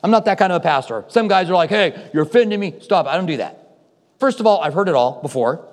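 Sing-song and fast, a pastor with a voice on the high side preaches a sermon. He narrates stories in a conversational manner and acts out people's quotes, recorded with hall reverb.

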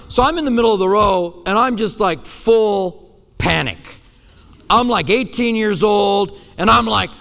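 A male pastor preaching a sermon, telling a personal story with lively, self-deprecating humor. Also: sits high, measured pace, vocal fry, long reverb tail.

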